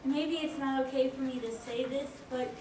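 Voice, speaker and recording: A high-voiced woman fan asks a panel a question from the audience, giggly and hesitant. She comes through from a distance in an echoey hall. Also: fairly even intonation, normal speed, a little mellow, slight background noise.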